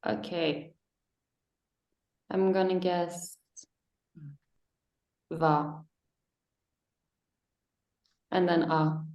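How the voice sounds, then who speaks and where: A woman's voice: lowish voice, steady tone, very slow, roomy sound, dull audio. A woman student guessing answers hesitantly on a video call.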